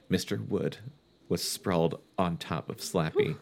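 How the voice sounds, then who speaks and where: A man's voice: low-pitched, measured pace, vocal fry, slight background noise. A man co-hosting a comedy podcast, reading a children's horror book aloud and slipping in dry jokes. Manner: dry joking interjections while reading.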